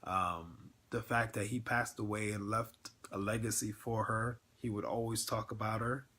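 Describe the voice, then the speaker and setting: A man's voice: lowish voice, flat delivery, normal speed, a bit bright, husky. A man hosting a casual livestream, talking in an earnest, emotional way with many filler words and ums. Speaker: network marketing livestream host.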